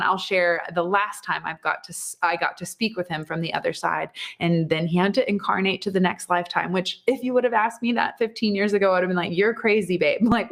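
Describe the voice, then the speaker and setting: A woman in her thirties hosting a podcast, telling a personal story in a chatty, animated way and laughing often. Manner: chatty, animated, laughs often, jumps pitch for quoted speech. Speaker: podcast host and psychic medium. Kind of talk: casual storytelling monologue.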